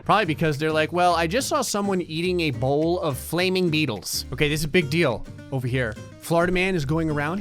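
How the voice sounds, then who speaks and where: A man hosting a gaming channel, giving sarcastic, jokey commentary on a life-sim game and tossing off quick voices for the characters. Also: fairly high pitch, a bit bright. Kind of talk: comedic gameplay commentary.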